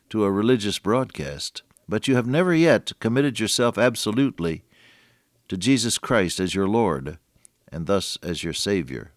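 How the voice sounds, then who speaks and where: An older man giving a folksy, earnest radio sermon, reading scripture slowly and solemnly. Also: on the low side, no room sound, clean studio sound. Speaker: radio preacher.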